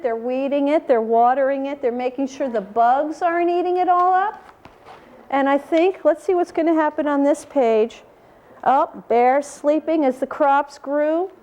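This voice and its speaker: A woman reading a picture book aloud to children, animated and asking them questions. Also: high-pitched, lo-fi sound. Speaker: storyteller.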